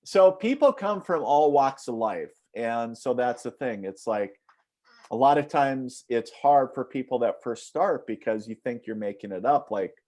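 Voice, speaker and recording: This man, a northern Minnesota psychic medium, rambles through anecdotes as an interview guest, leaning heavily on fillers in a casual chat. His mid-range voice is animated and darkish in tone, at a measured pace.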